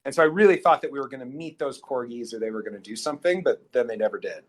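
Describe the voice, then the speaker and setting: A man's voice: medium pitch, lively intonation, quick pace. A man co-hosting a podcast, casually retelling a movie plot with lots of ums and loose, rambling asides. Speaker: podcast co-host. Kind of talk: casual movie recap chat.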